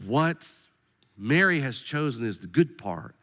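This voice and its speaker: A man voicing Jesus as a gentle, patient figure who speaks softly and soothingly to a woman. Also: mid-range voice, big pitch swings, unhurried, in a large hall.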